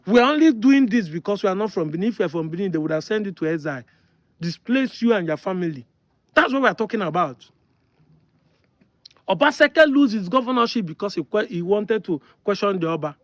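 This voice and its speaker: A man's voice: high voice, expressive, a little fast, dry recording. A Nigerian man from Delta State giving an emphatic opinion monologue, insisting on his points and repeating them. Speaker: online commentator.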